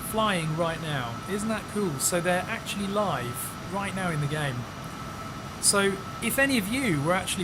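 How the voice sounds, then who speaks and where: Chatty man, slightly high voice. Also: heavy background noise. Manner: chatty and upbeat, reacting to viewers and scenery. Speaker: live-stream host. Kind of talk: casual live-stream commentary while playing a flight sim.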